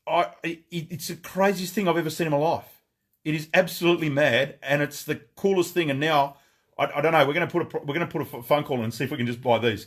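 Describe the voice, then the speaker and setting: A man hosting a live product showcase from a gun shop, excitable and rambling, swearing freely as he talks. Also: on the high side, husky. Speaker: gun shop owner and livestream host.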